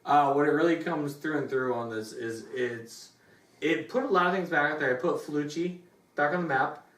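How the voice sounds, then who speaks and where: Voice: medium pitch, normal speed. Crude rambling reviewer, echoey room, distant mic. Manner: rambling, crude, animated storytelling. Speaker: movie reviewer. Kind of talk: comedic movie review chat.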